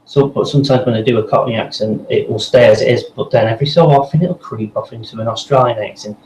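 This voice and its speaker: A man's voice: medium pitch, fast, a little mellow. Voice actor guy rambling on in an interview, echoey room, bit of background hiss. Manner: chatty, rambling, frequent restarts and laughs. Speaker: voice actor guest. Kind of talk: casual interview chat. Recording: echoey room with faint noise.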